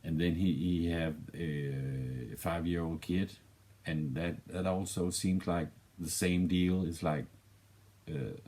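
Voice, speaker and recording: A man's voice: very deep voice, a little mellow. A man with a Danish accent giving a rambling, casual film review, often restarting his sentences and swearing offhandedly. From Denmark.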